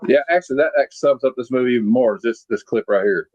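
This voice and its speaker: A man's voice: mid-range voice, fast, darkish tone, husky, dry recording, muffled recording. Rambling male podcast host, dry sound. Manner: loose and rambling, with many fillers. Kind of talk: casual movie-review chat.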